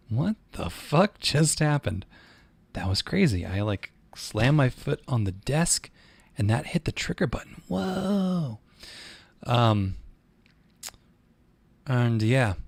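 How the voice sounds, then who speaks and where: A man's voice: medium pitch, vocal fry, darkish tone, no echo. Male streamer with a mid-range voice, casual and profane, on a dry close mic; explaining technical steps while venting frustration. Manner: profane, rambling, easily frustrated. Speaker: streamer and 3D artist. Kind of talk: casual livestream tutorial.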